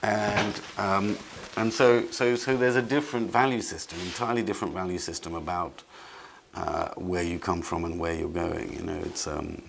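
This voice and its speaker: A man giving conversational commentary as an interview guest, halting with frequent restarts and repeated words. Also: deep voice, steady tone, vocal fry, a bit bright, slight background noise.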